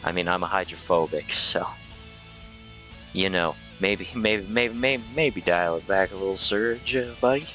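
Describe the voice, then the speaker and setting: A man streaming a game live, excitable, joking and swearing as he reads along. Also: sits low, a little slow, soft background music. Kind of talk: live gameplay commentary.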